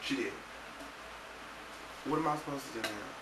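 A man's voice: medium pitch, moderate pace. A young man rambling through a story about a fight with a friend, acting out the quotes in his vlog. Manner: rambling, emphatic retelling with acted-out quotes. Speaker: vlogger. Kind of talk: casual storytelling to camera. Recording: echoey room, loud ambient noise, mic far off.

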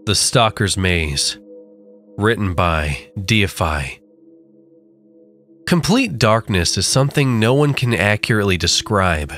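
A man narrating a creepy story with slow, dramatic delivery. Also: on the low side, big pitch swings, a bit bright, soft background music. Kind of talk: scripted horror narration.

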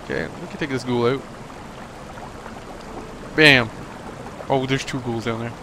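A man's voice: mid-range voice, steady tone, measured pace. A young man commenting on his game as a let's play host, joking and rambling and talking back at the enemies. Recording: noisy home recording.

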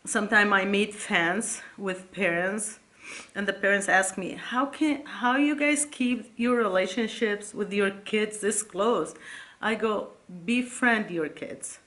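A middle-aged woman reading old letters from her sons aloud, tender and halting, close to tears. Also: medium pitch, a bit bright. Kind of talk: emotional casual vlog reading.

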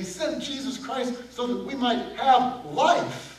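A male pastor preaching a sermon, animated, throwing questions out to his congregation. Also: very high voice, slow pace. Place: church sanctuary. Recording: echoey sanctuary, distant mic, faint room noise.

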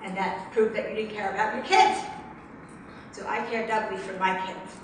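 Middle-aged woman, halting, echoey distant room. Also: mid-range voice, steady tone. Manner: halting, repeats phrases, voices anger. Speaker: workshop volunteer. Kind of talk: emotional tapping exercise. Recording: echoey room, distant mic, some noise.

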